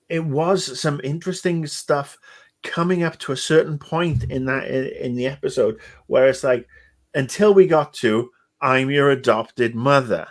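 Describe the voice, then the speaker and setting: Guy rambling on a chat podcast, sarcastic, curses a bunch, lots of ums. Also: fairly high pitch. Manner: rambling, sarcastic, swears freely, many fillers. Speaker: podcast co-host. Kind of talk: casual podcast discussion.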